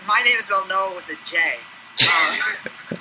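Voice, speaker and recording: A man's voice: sits high, a little slow, sharp tone, slight background noise, rough recording. A man co-hosting a casual sports podcast, teasing the others with snarky quips. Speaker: podcast co-host.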